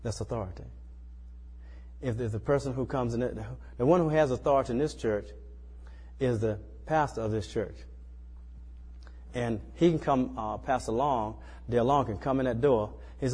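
A man's voice: medium pitch, normal speed, long pauses, a little mellow, husky, in a large hall. A man preaching a sermon in a small church, talking in a loose, conversational way and often checking in with the listeners. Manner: conversational, folksy, repeats tag questions like "you know".

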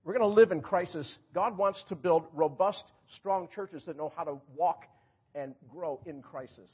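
A man's voice: fairly high pitch, moderate pace, breathy edge, muffled recording. A man preaching as a guest speaker in a church, chatty and joking as he talks to the congregation. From New York. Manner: chatty, joking preacher who laughs at his own jokes. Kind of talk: sermon. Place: church sanctuary.

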